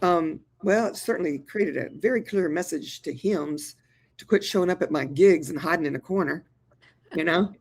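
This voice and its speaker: A woman in her sixties, an actor and therapist, talking as a guest in an interview in an animated, colloquial way, calling listeners "y'all". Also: on the low side, normal speed, husky. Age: 60s. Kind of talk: lively interview conversation.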